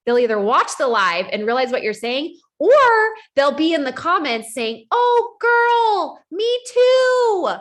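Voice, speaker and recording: A woman with a fairly high voice leads an upbeat coaching session for her team. She talks with a lively, conversational bounce, acting out other people's voices and checking in with "right?" as she goes. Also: normal speed, hardly any pauses. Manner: animated, acts out quoted voices, frequent "like" and "right?". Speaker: network marketing team leader. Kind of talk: motivational coaching talk on a call.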